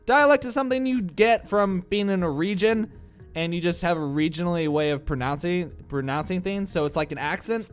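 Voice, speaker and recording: Speaking briskly in a high voice over faint background music, this young man from the American Midwest gives loose, meandering let's-play commentary full of filler "uh"s. His Midwestern accent comes through, and he's a bit stuffed up from allergies.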